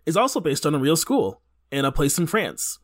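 Male podcast guest, casual and rambly, slightly high voice with animated intonation. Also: moderate pace. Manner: rambling, filler-heavy, goes off on tangents. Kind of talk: casual chat.

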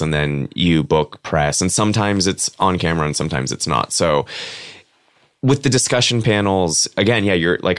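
A man's voice: sits low, smooth, no echo, studio quality. A man guest on an interview show, chatting candidly and casually with lots of filler words. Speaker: guest, comic book writer.

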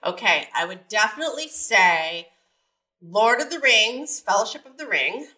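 A woman from San Diego, a guest on a podcast, lively and playful, thinking aloud as she answers. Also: medium pitch, moderate pace. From San Diego, USA. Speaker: guest, television executive. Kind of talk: casual interview chat.

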